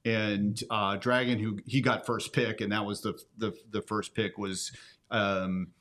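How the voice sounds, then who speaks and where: Rambling low-voiced male host. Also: little pitch movement, unhurried, a bit bright. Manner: rambling, full of fillers and restarts. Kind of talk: casual game commentary.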